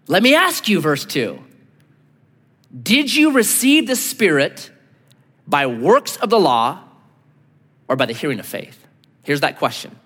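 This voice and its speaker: Animated pastor preaching in a reverberant hall. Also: male voice, fairly high pitch, husky. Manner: animated storytelling, acting out quoted voices. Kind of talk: sermon. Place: church sanctuary.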